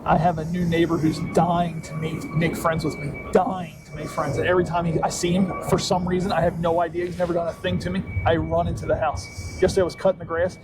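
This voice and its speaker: A man's voice: fairly high pitch, level tone, quick pace, few pauses, over loud music. A man hosting a podcast, casually chatting while walking outdoors, a brash, crude storyteller. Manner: brash, crude storyteller doing silly put-on voices. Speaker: podcast host. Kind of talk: casual chat. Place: outdoors, walking along streets. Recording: noisy outdoor recording with traffic.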